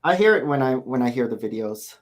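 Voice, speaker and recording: A man's voice: medium pitch, lively intonation, a little fast, a loud crowd. A man with a Filipino-Canadian accent hosting a casual stream chat, playful and often laughing. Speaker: stream host.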